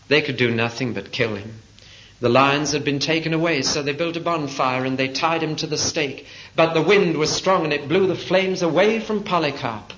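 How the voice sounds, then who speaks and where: A man's voice: mid-range voice, a bit bright. A man preaching a sermon, telling stories dramatically, rising and dropping his voice for emphasis. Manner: dramatic, rises and drops for emphasis. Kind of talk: sermon storytelling. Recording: dull lo-fi old tape with faint hiss.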